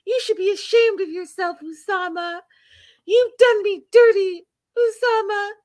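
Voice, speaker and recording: A woman voicing an upset sixty-seven-year-old woman confronting her partner, high and tearful. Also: measured pace, a little mellow, dry recording. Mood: furious.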